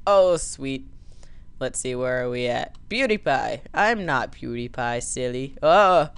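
A let's-play host clowns around over the game he's playing, cracking jokes and slipping into mock voices. His medium-pitched voice is expressive, slow, and slightly bright, recorded cleanly with no room sound.

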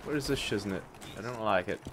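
A man's voice: fairly low pitch, a little fast, background noise. A man giving casual, jokey commentary while playing a game, swapping swear words for mild substitutes. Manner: jokey, swaps swears for minced oaths. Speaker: gameplay commentator. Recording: loud game gunfire behind voice. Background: shooter game gunfire.

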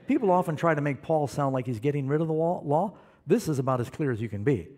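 A man preaching a sermon, animated and questioning the congregation, calling for amens. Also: a little high, fast talker. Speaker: pastor.

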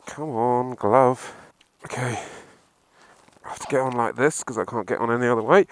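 A motorcycle vlogger records a casual video diary while riding through snow, keeping up a running commentary full of swearing and exasperation. His voice is mid-range at a moderate pace, with background noise in the recording.

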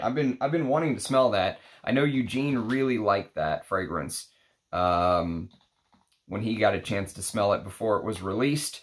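A man's voice: lowish voice, normal speed. A man chatting casually as a fragrance reviewer, rambling and thinking aloud as he unpacks samples. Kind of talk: casual unboxing chat.

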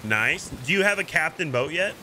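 A man streaming a pirate game, chatting casually and coaching another player with jokey excitement. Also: a little high, normal speed, a little hiss or hum, poor audio. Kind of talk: casual gameplay chat.

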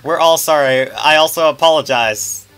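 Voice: mid-range voice, normal speed, fairly bright tone, soft background music. A gamer reading character lines aloud in a self-mocking put-on accent and laughing often. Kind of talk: casual let's-play chat, reading game lines aloud.

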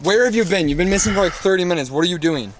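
A man's voice: high voice, expressive, rapid-fire, slight background noise. A man playing an exasperated camera operator who keeps urging his host to stop eating mushrooms. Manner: incredulous, keeps repeating himself. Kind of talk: comedy sketch acting.

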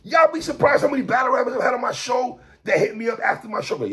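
A man hosting a podcast, ranting in animated commentary, stammering, repeating himself and shouting for emphasis. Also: very high voice, quick pace. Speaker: podcast host.

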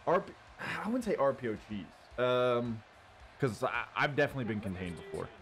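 A man hosting his gaming channel, giving casual running commentary on his own football video game and cheering loudly at big plays. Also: mid-range voice, sing-song, brisk. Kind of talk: live gameplay commentary. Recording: audible background noise.

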